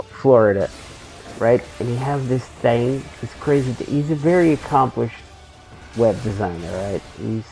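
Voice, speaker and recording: A man's voice: mid-range voice, creaky, dark tone, rough recording. A man streaming a game, telling a long rambling story in casual chat. He swears freely and often restarts his sentences.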